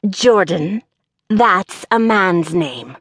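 A woman voicing a haughty gray-haired old rich woman who speaks in a gravelly voice, curt and slowly enunciated. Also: lowish voice, expressive, fairly bright tone, dry recording, clean studio sound, heavily acted. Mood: disdainful. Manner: curt, disdainful, slow enunciation.

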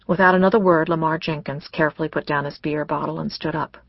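Read in a measured, scripted way as an audiobook narrator, with a gravelly voice in a dull, dry recording. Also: medium pitch, steady tone, no echo.

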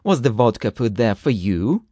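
A man voicing a stingy, scolding housekeeper woman who rails angrily and talks fast. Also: medium pitch, very animated, warm tone, no room sound, studio quality. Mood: furious scolding. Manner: angry, rapid, railing.

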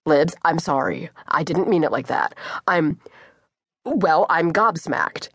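A woman's voice: sits low, slow, fairly bright tone, husky, no room sound, heavily acted. A woman voicing an adult man, a joking and dramatic twin brother who teases his sister. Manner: teasing, theatrical. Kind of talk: audiobook character voice. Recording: dry studio.

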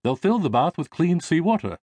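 A man playing a brisk, friendly young engineer. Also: fairly high pitch, very animated, a little mellow, no echo, voice pushed up. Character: energetic young ship designer, busy man.

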